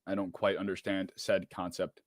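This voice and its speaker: A man's voice: deep voice, flat delivery, moderate pace, no echo, studio quality. A man hosting a live sports reaction stream, rambling and swearing in frustration. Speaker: streamer host.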